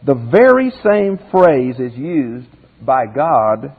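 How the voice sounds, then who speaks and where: A man's voice: mid-range voice, sing-song, slow, breathy edge, long reverb tail, narrow, tinny audio. A man teaching a Bible commentary lesson as a pastor in a folksy way, asking his listeners rhetorical questions.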